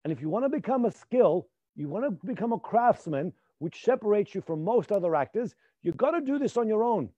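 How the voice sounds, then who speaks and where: Brief: male acting teacher, high mellow voice, insistent, dull dry recording. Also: sing-song, a little fast, few pauses, no echo. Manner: emphatic, repeats points, drops to near whispers to demonstrate. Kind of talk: live acting class.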